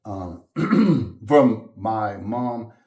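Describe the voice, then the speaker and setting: Southern male guest, low voice, lively storyteller, roomy sound. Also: extremely slow. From Louisiana. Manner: animated storyteller, laughs often. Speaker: guest musician. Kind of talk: casual interview chat. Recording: echoey room.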